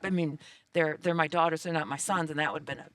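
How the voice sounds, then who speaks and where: An older woman, a grandmother, speaking as a guest in a casual conference interview, lively and quick to laugh. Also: low voice, no room sound, recorded from a distance. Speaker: interview guest, cannabis advocate. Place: conference venue.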